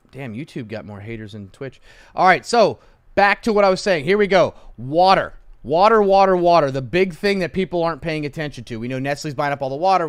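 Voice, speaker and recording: A man hosting a live stock trading stream, chatting to viewers in a brash, mocking way and muttering to himself now and then. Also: mid-range voice. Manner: brash, mocking, talks to chat; muttering to himself while writing.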